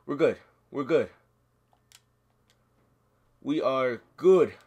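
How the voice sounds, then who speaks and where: A man giving excitable live gameplay commentary, yelling, chanting cheers and talking himself through nervous moments. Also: mid-range voice, very slow, husky. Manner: yells and chants, sings cheers, flustered self-talk. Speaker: gaming commentator.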